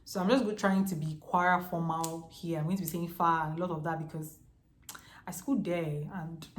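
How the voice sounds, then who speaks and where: A Nigerian woman in her twenties telling a storytime vlog in a lively, chatty way, full of slang. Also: on the low side. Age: 20s. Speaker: vlogger. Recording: echoey room.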